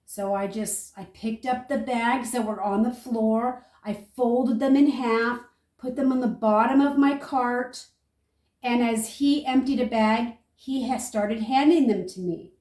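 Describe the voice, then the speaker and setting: An older woman homesteader, chatting through a food-storage demonstration and telling stories in a lively, animated way. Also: fairly high pitch, a little slow, echoey room, far from the mic. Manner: chatty, animated storyteller, talks viewers through each step. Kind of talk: casual how-to and storytelling.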